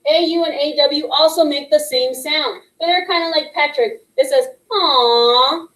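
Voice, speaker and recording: A woman teaching young students a phonics lesson, patient and encouraging, slowly sounding out letter blends. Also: sits high, echoey room, poor audio. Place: classroom with a whiteboard. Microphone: microphone picked up partway.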